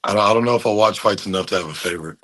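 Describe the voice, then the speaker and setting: Man, deep bright voice, husky, relaxed interview guest, casual swearing. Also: rapid-fire. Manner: laid-back, laughs often, swears casually. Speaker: fighter guest.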